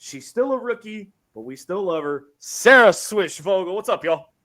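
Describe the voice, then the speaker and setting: Brash man hosting a sports podcast, high and animated voice, loud and excitable. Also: moderate pace. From Arkansas. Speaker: podcast host.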